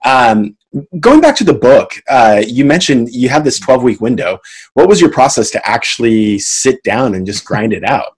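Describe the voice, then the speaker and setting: A man hosting an interview, asking questions in a relaxed way with hesitant fillers. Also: mid-range voice, moderate pace, husky, low-quality recording. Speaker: interview host.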